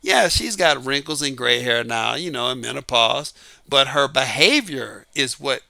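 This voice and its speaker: A man's voice: mid-range voice, lively intonation, measured pace, creaky, pushed and bright, dry recording. A middle-aged man talking casually about dating, emphatic and full of rhetorical questions. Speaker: dating advice talker. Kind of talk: casual monologue.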